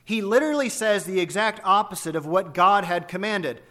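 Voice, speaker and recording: A man's voice: high voice, normal speed, pushed and bright. A man preaching an expository sermon, emphatic and full of rhetorical questions.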